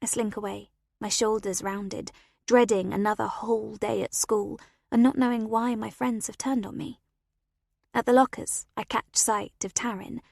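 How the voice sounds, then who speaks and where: Gravelly woman narrating a story. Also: fairly high pitch, moderate pace, no echo, studio quality. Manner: expressive, animated storytelling. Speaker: audiobook narrator. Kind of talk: first-person scripted narration.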